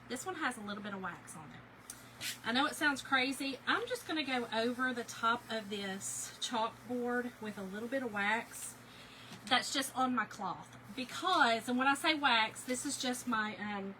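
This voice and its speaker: A woman's voice: on the high side, background noise. A woman from Kentucky hosting a casual craft live stream, chatting to viewers by name as she works. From Kentucky, USA. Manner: chatty, talks to viewers by name and says y'all.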